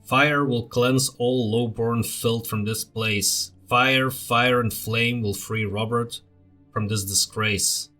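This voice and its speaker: A man voicing a fanatical, crazed old nobleman grandfather in a story game, ranting and slow. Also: mid-range voice, steady tone, pushed and bright, faint music behind. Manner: ranting, slow menacing pronouncements.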